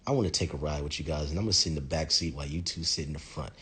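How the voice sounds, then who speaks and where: A man playing a vengeful grown man who talks in a low, quiet, threatening way. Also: racing, slightly rough, exaggerated voice.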